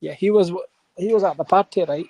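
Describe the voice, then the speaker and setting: A man's voice: high-pitched, fast talker, dark tone, no room sound. A man telling a long rambling story on a live panel, checking in with his listeners. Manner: rambling, keeps checking in with "right?".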